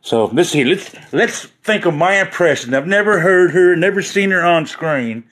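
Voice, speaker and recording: A man's voice: high-pitched, lively intonation, moderate pace, a bit bright. A man hosting a casual livestream, joking and rambling with his viewers and laughing often. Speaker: livestream host chatting with viewers.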